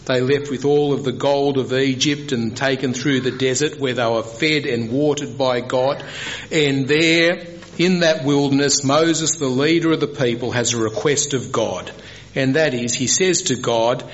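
A man preaches a sermon in a middle-pitched voice. He tells the story with energy and often climbs sharply in pitch. The recording sounds a little dull and lo-fi. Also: unhurried. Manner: animated, rises high when voicing Moses.

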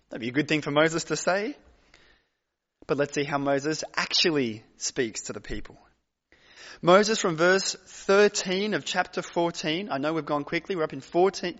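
Male pastor, high voice, emphatic sermon delivery with long pauses; dull recording, long hall reverb. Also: fairly bright tone. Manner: emphatic, dramatic pauses and repetition.

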